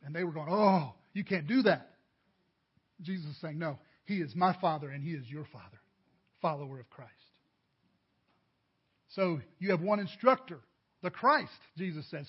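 A man's voice: sits high, husky, dull audio. A man preaching a sermon as pastor, addressing the congregation directly with emphatic rises. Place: church.

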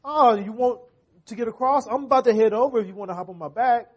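A man's voice: extremely high pitch, fast talker, slightly rough, lo-fi sound. A man putting on a sly coaxing fox. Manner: coaxing, wheedling. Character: sly smooth-talking fox tempting prey.

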